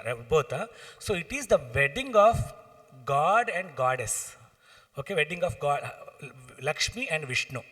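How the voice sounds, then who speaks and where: A man with a Tamil accent answering questions on a panel, halting with many fillers and restarts, sometimes chanting Sanskrit verses. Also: on the high side, fairly bright tone. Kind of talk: explanatory Q and A talk. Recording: long reverb of a hall.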